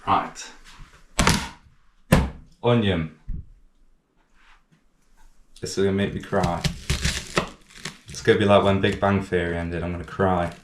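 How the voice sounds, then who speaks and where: A man's voice: low voice, level tone, takes it slowly, pauses often, noisy background. A man hosting a casual home cooking vlog in his kitchen. He rambles, mocks himself and swears a lot while he chops. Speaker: cooking channel host. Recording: echoey kitchen with clattering pans.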